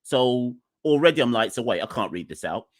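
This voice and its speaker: A man hosting a live podcast from home, chatty and rambling, low on energy and exasperated. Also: expressive, a little fast. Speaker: podcast host. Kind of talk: casual live-stream chat. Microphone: desk microphone, unplugged at first.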